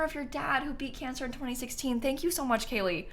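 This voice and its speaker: A young woman with a fairly high voice chats casually on a live stream, playing and thanking donors. She's excitable, quick to laugh and prone to squealing.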